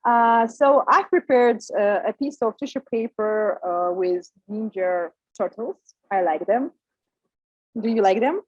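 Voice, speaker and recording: Woman teacher, slow and halting, husky voice, dull dry lo-fi recording. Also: mid-range voice, no room sound. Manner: slow, halting, many "uh" fillers. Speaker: pronunciation teacher. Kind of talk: recorded micro lesson.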